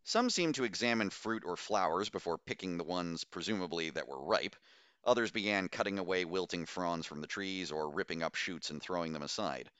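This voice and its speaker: A man reading a science fiction novel aloud in steady, measured audiobook narration. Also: low voice, clear, resonant tone, dry recording, dull audio.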